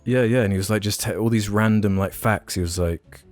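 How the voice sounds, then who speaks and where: A man with a very deep voice rambles through a story on a casual podcast, full of "like" and "um". Soft music sits faintly underneath. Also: fairly even intonation, brisk. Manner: rambling storyteller, many fillers and restarts. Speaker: podcast co-host. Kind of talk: casual chat.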